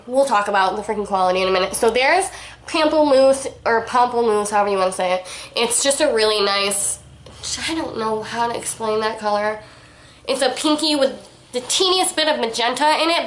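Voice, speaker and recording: A woman's voice: fairly high pitch, fairly bright tone. Gushing young woman beauty vlogger. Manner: gushing, enthusiastic, chatty. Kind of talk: casual makeup review. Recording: echoey room.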